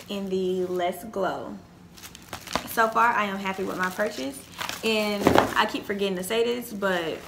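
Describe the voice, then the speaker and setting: A young woman, chatting excitedly to her viewers as she unboxes a shopping haul. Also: mid-range voice, creaky, background noise. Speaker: haul vlogger. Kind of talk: casual chat to camera.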